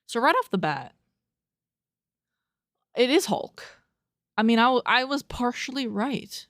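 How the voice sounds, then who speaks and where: A woman's voice: a little high, big pitch swings, a little slow, a bit bright, no room sound, clean studio sound. A young woman hosting a casual solo podcast, reading review quotes aloud and reacting with profane, laughing disbelief. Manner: incredulous, profane, laughing at what she reads; reads review quotes aloud and riffs on them. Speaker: podcast host.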